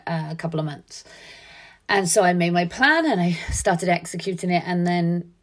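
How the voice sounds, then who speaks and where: A woman's voice: lowish voice, fairly quick. A middle-aged woman, giving an earnest, conversational motivational talk full of fillers. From Wales. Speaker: podcast host. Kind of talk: motivational monologue.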